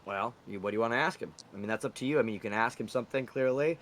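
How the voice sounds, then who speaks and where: A man's voice: mid-range voice, rapid-fire, a bit bright, a little hiss or hum. A young man running a tabletop game as game master, explaining loosely and rambling with fillers.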